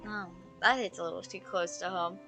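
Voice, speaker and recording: A woman's voice: fairly low pitch, brisk, bright, forceful tone, faint music behind. A woman streamer giving casual gameplay commentary, chatty and jokey, thinking aloud as she plays.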